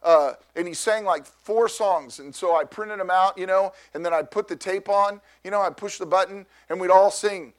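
High-voiced man telling a sermon story. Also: normal speed, hardly any pauses. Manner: loud, animated storytelling with repeated restarts. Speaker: pastor.

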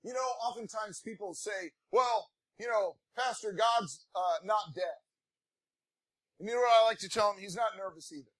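A man preaching from the pulpit in a very high, bright, forceful voice. He talks to his congregation in a folksy, conversational way and climbs into animated shouts of praise. The sound is close and dry, with no room echo. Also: normal speed. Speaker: pastor. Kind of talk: sermon.

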